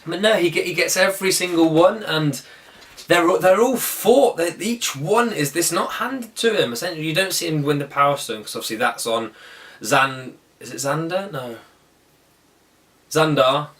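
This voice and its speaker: A man's voice: on the high side, moderate pace, fairly bright tone, distant mic. A man giving a casual, enthusiastic film review, rambling and often correcting himself mid-sentence. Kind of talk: casual spoken movie review.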